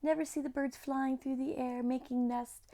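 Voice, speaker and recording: A young woman reading a story aloud to children, lively and talking straight to her young listeners. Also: high voice, moderate pace. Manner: animated, talks directly to kids.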